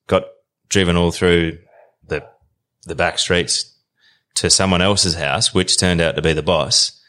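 Australian man, low pitch, podcast guest spinning a yarn, casual and lively. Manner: animated, colloquial, swears freely. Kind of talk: casual storytelling.

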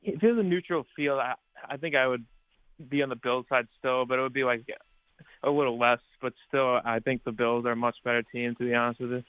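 A man calling in to a sports radio show, halting, with fillers and stammers. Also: mid-range voice, fairly even intonation, smooth, dry recording. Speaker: caller. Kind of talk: phone-in call. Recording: tinny phone line.

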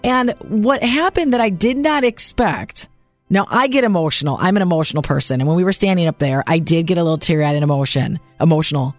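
A woman's voice: fairly low pitch, animated, a little fast, dry recording, soft background music. Woman radio host, earnest chat, dry studio sound. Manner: earnest and personal, recounting at length.

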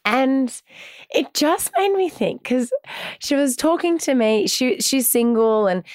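A woman, co-hosting a podcast in casual, giggly chat, her voice slightly croaky. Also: sits high, slow, no echo, clean studio sound. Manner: chatty, giggly, animated. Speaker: podcast co-host.

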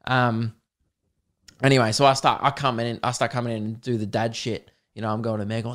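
A man's voice: mid-range voice, little pitch movement, a little fast, fairly bright tone. Rambling Australian man podcasting. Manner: rambling, swears, sings song snippets. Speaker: podcast host. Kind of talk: casual solo podcast storytelling.

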